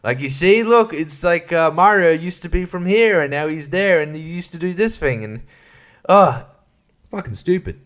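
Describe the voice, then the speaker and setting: A man's voice: on the high side, animated, moderate pace, fairly bright tone. A man hosting a solo podcast, rambling sarcastically, swearing a lot and laughing often. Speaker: podcast host.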